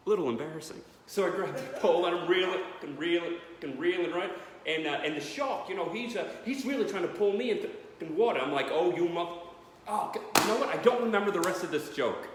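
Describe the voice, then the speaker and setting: A man doing stand-up in a living room, his higher voice swinging widely as he rambles through a story and bursts into loud, profane punchlines. The room gives a strong echo with a long tail, and a faint hiss sits underneath. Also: animated, fairly quick, crowd noise. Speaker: stand-up comedian. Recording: echoey room, faint background noise.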